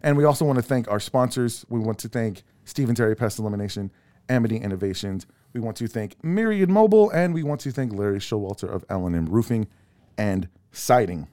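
A middle-aged man hosts a loose, joking podcast, laughing often between his lines. His voice moves through a wide, lively range of pitch. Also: brisk. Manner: joking, laughs often, reads out sponsors and call-in numbers. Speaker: podcast host. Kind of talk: casual podcast banter.

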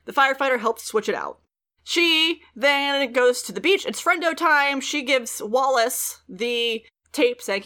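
A woman hosting a podcast, retelling TV episodes in an animated, casual way and swearing freely. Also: a little high, normal speed. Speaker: podcast host recapping a TV show. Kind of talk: casual chat.

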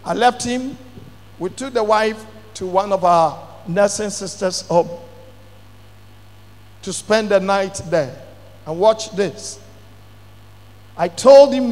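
A middle-aged male pastor, telling a testimony in a sermon with dramatic bursts of shouting. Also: high voice, takes it slowly, pauses often. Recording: long hall reverb.

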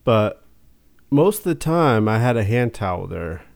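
A man's voice: lowish voice, big pitch swings, measured pace, gravelly, a little mellow. A man co-hosting a podcast, speaking matter-of-factly and teasing the others. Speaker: podcast co-host. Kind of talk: casual chat.

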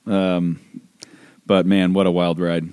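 Low-voiced man reminiscing, dry and close. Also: little pitch movement, takes it slowly, darkish tone, smooth, dry recording. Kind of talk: casual podcast chat.

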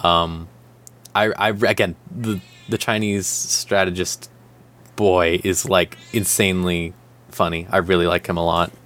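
A man's voice: low voice, unhurried. A man co-hosting a podcast, ranting about a show in casual chat, swearing often and filling with "like". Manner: animated ranting, frequent swearing and "like". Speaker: podcast co-host.

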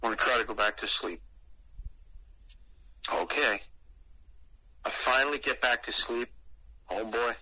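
A man's voice: medium pitch, a little slow, pauses often, no echo, rough recording. A man casually telling a personal story, profane and slangy, acting out what he said back then. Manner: profane, slangy and animated, acting out his own past words.

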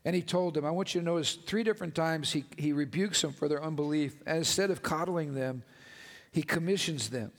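High, gravelly-voiced man preaching passionately. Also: fairly quick, long reverb tail. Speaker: pastor. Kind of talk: sermon. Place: church sanctuary with congregation.

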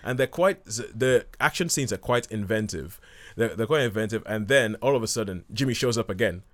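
A man's voice: on the low side, expressive, a little fast, a bit bright. Guy rambling thru a movie review, keeps restarting, does little quotes. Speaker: film review host. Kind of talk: casual film review chat.

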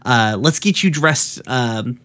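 A crude, cocky teenage boy from a cartoon recap, put on by a man. The voice is lifted above his usual pitch and talks down to everyone, swearing freely. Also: lively intonation, slow, bright, forceful tone. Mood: smug. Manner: profane, pushy, higher put-on voice.

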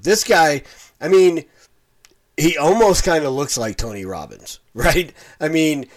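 A middle-aged man talks through a casual online commentary in an ordinary mid-pitched voice. He rambles and circles back, with plenty of fillers and false starts. It sounds like one person talking straight to his viewers. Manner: rambling, full of fillers and restarts.

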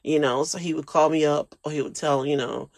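A man's voice: fairly high pitch, fairly even intonation, brisk, no room sound. A man hosting a casual solo podcast, rambling and emotional, sometimes close to tears. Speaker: podcast host.

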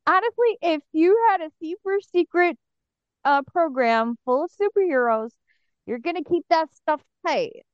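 A woman's voice: very high-pitched, lively intonation, normal speed, dry recording. A woman co-hosting a podcast, chatting casually and animatedly with playful asides as she recaps an episode. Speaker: podcast co-host. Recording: dry, dull lo-fi mic.

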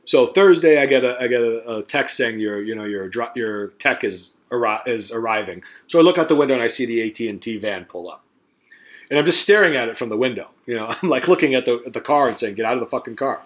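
Brief: middle-aged male podcast co-host, mid-pitched voice, profane rambling storyteller who performs the dialogue. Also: lively intonation, fast talker. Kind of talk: casual storytelling chat.

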